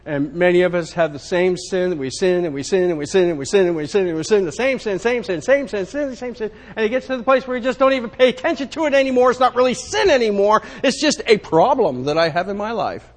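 A man's voice: sits high, expressive, a little fast, few pauses. A man preaching a sermon in an emphatic, repetitive way, speaking to himself as much as his listeners. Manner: emphatic, repetitive, self-including.

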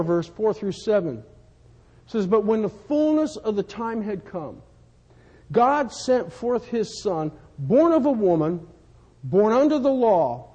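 High-voiced husky man preaching in a hall. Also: dark tone. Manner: folksy storytelling, repeats words, rises to fervent emphasis. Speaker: pastor. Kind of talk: sermon. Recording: dull sound, long hall reverb.

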